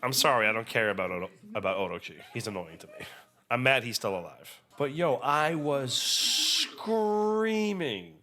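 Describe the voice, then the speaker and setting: Excitable bright-voiced young man. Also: mid-range voice, moderate pace. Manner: excitable and profane, animated storytelling. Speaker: anime reaction video host. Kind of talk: casual reaction commentary.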